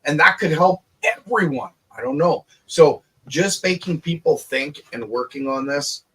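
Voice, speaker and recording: A man, an inventor, talking in a relaxed group video chat, animated and quick to laugh and swear. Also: fairly high pitch, slight background noise. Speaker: inventor and show guest.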